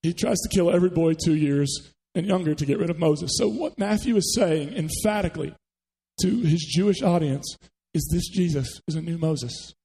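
A man preaching in a church sanctuary, his voice gravelly and slightly husky. He keeps it conversational and stops to ask the congregation questions. The sound rings with the long reverb of a large hall. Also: a little high, moderate pace, mellow. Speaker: pastor. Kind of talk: sermon.

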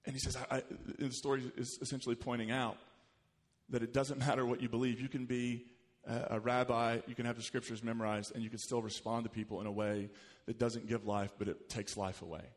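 A man preaching a sermon as pastor, animated, rising in pitch and volume when he quotes scripture. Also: brisk. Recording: long hall reverb.

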